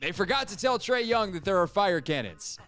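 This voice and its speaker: A man hosting a sports talk radio show, joking with his producer in a quick, casual way. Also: sits high, big pitch swings, a bit bright, soft background music.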